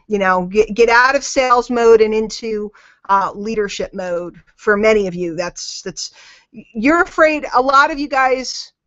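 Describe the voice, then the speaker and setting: A woman with a slightly high voice coaches her sales team on a call, leaning hard on repeated phrases. Her talk is emphatic and motivational. The audio is dull and lo-fi, and the sound is very dry. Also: fairly bright tone, no echo. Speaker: network marketing coach.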